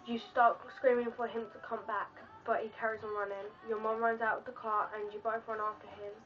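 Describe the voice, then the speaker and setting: A woman's voice: on the high side, little pitch movement, a little fast, far from the mic, muffled recording, faint music behind. A woman vlogger telling an emotional story in the second person, earnest and pleading.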